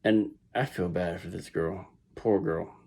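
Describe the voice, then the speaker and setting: A man's voice: low-pitched, unhurried, creaky, warm tone, slightly rough. A middle-aged man with a Southern US accent tells a story casually, rambling with restarts and asides. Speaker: vlogger.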